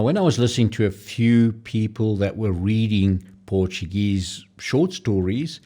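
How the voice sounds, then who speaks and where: Low-voiced man explaining pronunciation. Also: a little mellow. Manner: explanatory, pausing to demonstrate pronunciations. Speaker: language tutorial presenter. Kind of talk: casual screen-share tutorial.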